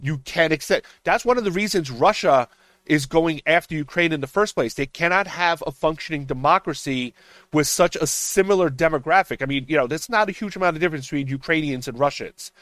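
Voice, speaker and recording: A man's voice: on the high side, fairly bright tone, no room sound. A man on a political podcast panel, ranting emphatically and swearing as he argues. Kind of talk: heated political roundtable talk.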